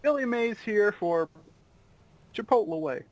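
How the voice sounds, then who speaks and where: A man putting on a booming TV pitchman voice. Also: expressive, unhurried, no echo. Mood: hard-selling.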